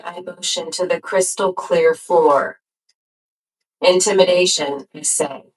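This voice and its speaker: A woman reading a first-person novel aloud as an audiobook narrator, in a measured, unhurried storytelling manner. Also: on the low side, a bit bright, low-quality recording.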